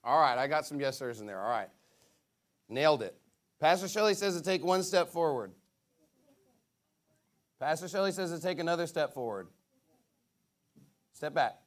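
High-voiced pastor preaching. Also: male voice, normal speed, long pauses. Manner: lively, playful with kids, calls out to the crowd. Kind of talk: sermon with a children's game.

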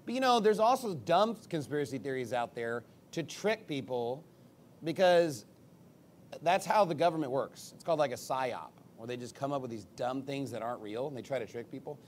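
A man preaching a sermon in an emphatic, combative way, with sarcastic asides and big swings in pitch and loudness. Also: lively intonation, normal speed, slight background noise.

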